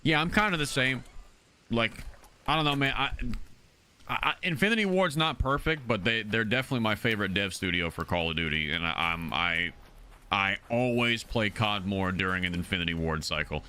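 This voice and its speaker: A man's voice: fairly low pitch, a little fast, clean tone. A man streaming a game live, chatting casually with heavy swearing and stammered restarts. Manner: profane, animated, frequent stammering restarts. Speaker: gaming streamer. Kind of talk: casual live-stream chat while playing.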